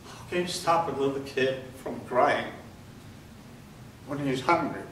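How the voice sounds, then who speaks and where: An older man, a Holocaust survivor, gives a slow, deliberate testimony to an audience, his voice dropping low and quiet at grave moments. The recording is distant in an echoey hall, with faint noise.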